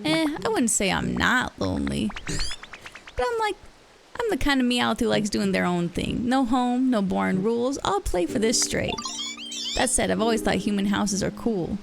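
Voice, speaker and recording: A woman's voice: on the high side, wildly swooping pitch, moderate pace, vocal fry, music in the background, full character voice. A woman voicing a carefree, independent stray cat creature from a video game, talking in a breezy, casual way.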